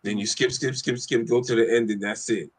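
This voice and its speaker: A man's voice: medium pitch, fairly even intonation, fairly quick, slightly rough, no room sound, poor audio. A man co-hosting a casual podcast chat, talking emphatically with lots of profanity. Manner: profane, emphatic, talks over others. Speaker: podcast co-host.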